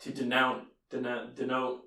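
Guy cohosting a podcast, bright voice, laughs a lot, roomy echo. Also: mid-range voice, completely flat delivery, normal speed, recorded from a distance, slight background noise. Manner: laughs often, jokey, playful put-on voices. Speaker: podcast co-host. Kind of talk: casual chat.

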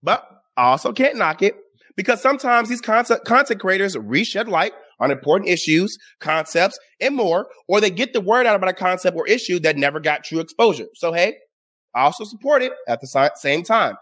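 A man with a high voice hosts his own talk show and speaks straight to the audience. His delivery is sarcastic and exasperated, and it swoops up and down with lively intonation. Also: fairly quick. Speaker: show host. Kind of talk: casual opinion commentary.

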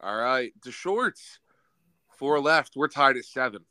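A man's voice: medium pitch, animated, measured pace, sharp tone, no echo, poor audio. A young man hosting a casual sports quiz on a podcast, teasing the players and calling out the score. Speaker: podcast host, quizmaster.

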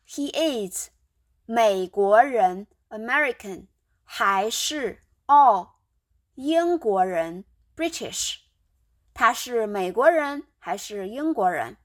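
A woman teaching a beginner Mandarin lesson, breaking sentences into single words and pausing between Chinese and English glosses. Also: fairly high pitch, dry recording, clean studio sound. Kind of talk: slow, carefully articulated language lesson.

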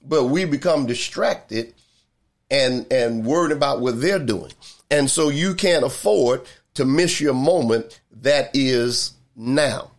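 Older male pastor, emphatic repetitive sermon delivery, mid-range voice. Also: mid-range voice. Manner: repetitive, emphatic preaching with drawn-out pauses.

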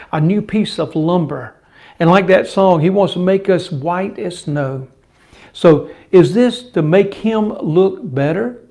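A man's voice: high-pitched, gravelly, a little mellow. An older man preaching a sermon, emphatic and repeating key phrases for weight.

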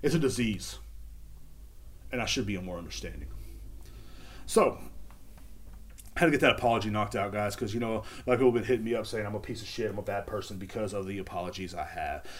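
With music running underneath, this podcast host talks alone in a casual, rambling way, offering a crude and sarcastic fake apology. His voice is on the low side, and his pace is quick.

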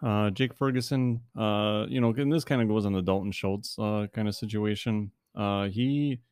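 A man's voice: fairly low pitch, normal speed, a little mellow, clear, resonant tone, dry recording, clean studio sound. A man casually chatting about fantasy football as a podcast co-host, rambling with many fillers and restarts, and he has the hiccups.

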